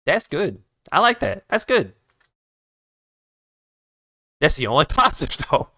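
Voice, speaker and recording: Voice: medium pitch, big pitch swings, a little slow, bright, forceful tone, dry recording, studio quality. An art streamer telling a road-trip story while drawing, ranting with lots of swearing and quoting other drivers. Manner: profane, ranting, retells the conversation in others' voices; restarts sentences while redrawing.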